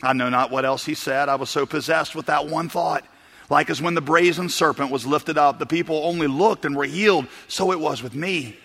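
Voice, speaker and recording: Male pastor, slightly high voice, storytelling sermon, church reverb. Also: brisk, creaky. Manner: animated storytelling, reads quotes aloud.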